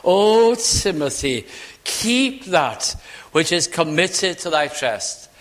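An older Welsh preacher delivers his sermon with fervour, his fairly high voice ringing out and then falling to a hush. The sound carries a long reverb, as if from a large church hall. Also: very animated, slow. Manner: fervent, swings between loud ringing lines and hushed asides.

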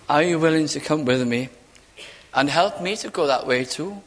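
An older man with a Welsh accent preaching a sermon with fervour, dropping from ringing declarations to hushed asides. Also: fairly high pitch, moderate pace. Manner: fervent, swings between loud ringing lines and hushed asides. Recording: long hall reverb.

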